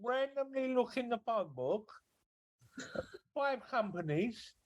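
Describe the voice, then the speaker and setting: A man's voice: very high-pitched, animated, takes it slowly, a little mellow. A man joining a podcast over a video call, cheeky and blunt in the banter. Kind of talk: casual banter. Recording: muffled video-call audio.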